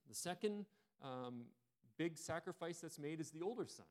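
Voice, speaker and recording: A man preaching a sermon, retelling a story in a relaxed, conversational way with frequent restarts. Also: a little high, normal speed.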